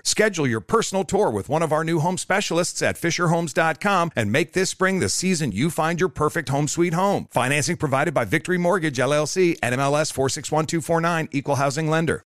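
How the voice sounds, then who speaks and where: Upbeat man ad announcer, slightly high voice, brisk. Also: fairly bright tone, dry recording, studio quality. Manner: upbeat sales pitch, fast disclaimer. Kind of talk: scripted radio ad read.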